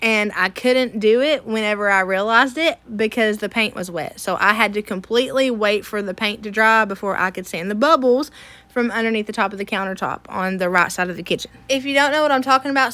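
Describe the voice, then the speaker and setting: A woman's voice: on the high side, bright, forceful tone. A woman, from Tennessee, chatting casually to her viewers as a home makeover vlogger, self-deprecating and laughing often. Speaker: home makeover vlog host. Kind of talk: casual chat to camera.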